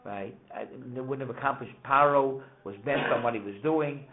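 A man teaching a casual Torah lesson, telling stories with animated, emphatic questions. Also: medium pitch, moderate pace. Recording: tinny phone-like sound.

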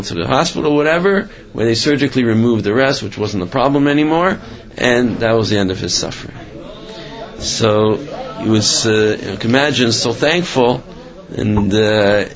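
A man tells stories during a lecture in a conversational, halting way, often pausing with fillers. His voice sits at an ordinary middle pitch. The recording sounds slightly muffled and lo-fi. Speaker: Torah teacher telling stories. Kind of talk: storytelling lecture.

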